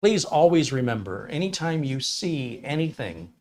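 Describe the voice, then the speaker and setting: A man's voice: medium pitch, sing-song, moderate pace, darkish tone. A man hosting a casual tech livestream, chatting with viewers and reading out their comments in a rambling, think-aloud way.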